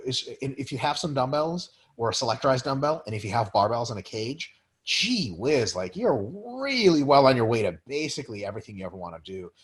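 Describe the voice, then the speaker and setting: A man co-hosting a casual talk webinar, excitable and profane as he chats and answers listener questions. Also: mid-range voice. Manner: profane, excitable, lots of swearing. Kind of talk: casual chat.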